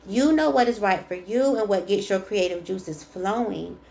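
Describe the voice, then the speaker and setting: A woman's voice: medium pitch, moderate pace, gravelly, a little mellow, slight background noise. A woman doing a casual spiritual tarot card reading, chatty and emphatic, reading card texts aloud and repeating the key lines. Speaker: tarot reader.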